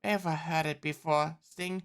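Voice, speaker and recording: A woman's voice: deep voice, fairly even intonation, unhurried. A woman voicing an earnest male bee lawyer, reading a film script aloud in her own plain voice. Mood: indignant. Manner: plain read-aloud delivery.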